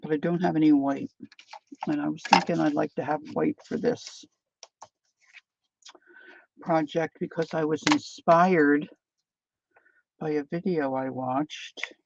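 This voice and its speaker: A chatty woman with a gravelly, creaky voice, talking casually while she crafts at home. Her words ramble along, and the lo-fi stream audio sounds a little dull. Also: low voice, fairly even intonation, slow pace, long pauses, background noise. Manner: chatty, rambling, talks while eating and working. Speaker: craft channel host.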